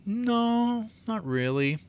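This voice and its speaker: A man's voice: high voice, sing-song, very slow, smooth, no room sound. A man co-hosting a podcast, chatting casually about a movie and rambling with lots of fillers. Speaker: podcast co-host.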